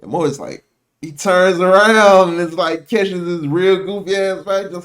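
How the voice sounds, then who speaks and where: A man's voice: sits high, normal speed, fairly bright tone. A man hosting a reaction video, recapping an episode in casual, profane slang and acting out the characters' lines.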